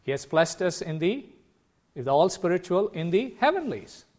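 A man preaching a sermon, earnest and emphatic, slowing down to stress key words. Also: sits high, sing-song, darkish tone.

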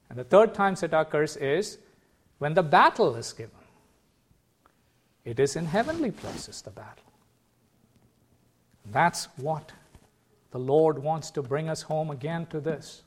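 Guy preaching, earnest and emphatic, fairly high voice, leans into key words. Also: darkish tone. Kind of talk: sermon.

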